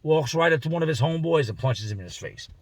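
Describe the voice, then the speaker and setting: A man's voice: a little high, expressive, quick pace, no room sound. A man telling a story casually in slangy speech from inside a car, acting out the voices of the people in it. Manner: slangy, conversational, acts out the voices in his story. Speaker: vlogger telling a prison story.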